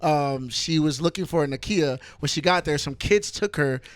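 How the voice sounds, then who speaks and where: Man, podcast co-host, casual chat, rambling, smooth clear voice, dry close sound. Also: on the high side, normal speed, no room sound. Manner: rambling, restarts a lot, laid-back slangy.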